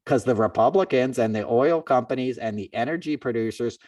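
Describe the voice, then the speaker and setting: Telling a long, loose story on his podcast, this man talks fairly quickly and brings quoted people to life with a raised, higher voice. The mic is distant from him and the recording has a dry sound with no echo.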